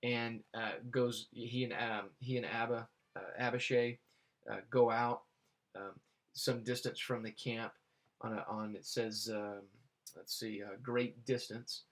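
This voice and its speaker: A man reading Bible verses aloud and explaining them in a halting way, with many fillers and restarts. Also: medium pitch, little pitch movement, fairly bright tone. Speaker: Bible teacher.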